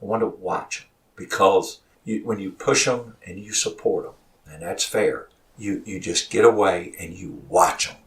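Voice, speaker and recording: Animated coach guest, gravelly voice, a bit off mic, storytelling. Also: male voice, sits low, a little slow. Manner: animated, repeats words when excited. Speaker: college basketball head coach, studio guest. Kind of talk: emotional storytelling in a studio interview. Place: radio studio. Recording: voice sounds far from the mic.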